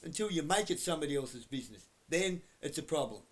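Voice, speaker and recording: A man giving a blunt, heavily profane rant to camera that keeps flaring into shouting. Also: a little high, sing-song, fast talker. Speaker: vlogger.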